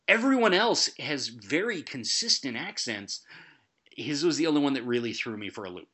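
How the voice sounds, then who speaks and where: Guy talking movies casually, bright ringing tone, laughs easy. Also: fairly high pitch, sing-song, moderate pace, slightly rough. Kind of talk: casual film discussion.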